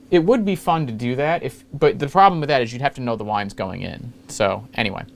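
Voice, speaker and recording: A man hosting a casual screen-capture walkthrough of old software, rambling along with jokey, self-mocking asides. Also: mid-range voice, a little fast, creaky. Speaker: retro computing video host.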